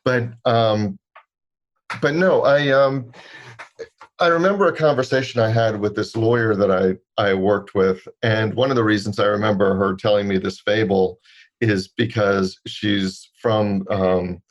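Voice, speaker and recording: A man's voice: fairly low pitch, unhurried, highs cut off. A man co-hosting a podcast, telling stories in a wry, joking casual chat. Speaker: podcast co-host.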